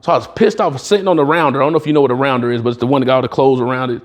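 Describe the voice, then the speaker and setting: A man's voice: mid-range voice, very fast. A middle-aged man giving a motivational talk, telling stories in a casual, slangy way and acting out the dialogue. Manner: animated, acts out dialogue in other voices. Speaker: motivational speaker. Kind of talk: storytelling speech at a sales retreat.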